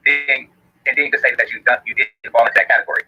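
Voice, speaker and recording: A husky man talking quickly in a casual discussion, piling one explanation on another and circling back with "here's the thing." The sound is dull and lo-fi, like a played-back clip. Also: medium pitch, steady tone. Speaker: guest on a discussion show.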